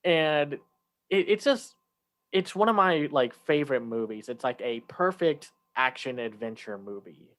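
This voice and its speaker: A man's voice: mid-range voice, a bit bright. Chatty man, full of fillers. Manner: chatty, many fillers and restarts; acts out lines from a film in raised voices. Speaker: podcast co-host. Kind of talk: casual chat.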